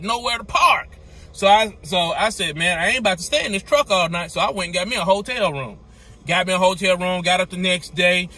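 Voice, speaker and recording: A man, an owner-operator truck driver, telling a story in a casual vlog with animated, repetitive exclamations. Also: high voice.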